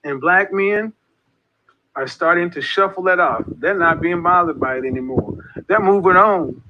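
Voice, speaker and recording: Man, emphatic preachy commentary, high pitch, muffled lo-fi sound. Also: normal speed, noisy background. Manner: emphatic, preachy, repeats points. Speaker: online group leader and commentator. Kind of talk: impassioned monologue. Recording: dull lo-fi audio.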